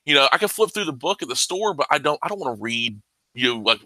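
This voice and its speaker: A man and comics fan chatting casually, excitable and swearing freely. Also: mid-range voice, quick pace, no room sound, poor audio. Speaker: podcast guest, comics fan. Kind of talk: casual podcast chat.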